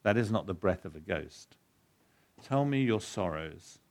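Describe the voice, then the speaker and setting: A man voicing a great, calm lion in a slow, solemn, measured way. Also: low voice. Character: great lion, majestic, calm and deep-voiced.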